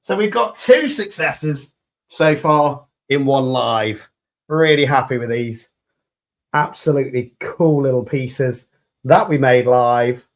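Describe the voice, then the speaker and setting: A man's voice: mid-range voice, lively intonation, slow. Chatty British man streaming live. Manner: chatty and enthusiastic, greeting viewers. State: slightly croaky after hours live. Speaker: resin crafter streaming live. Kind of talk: live stream chat while demolding.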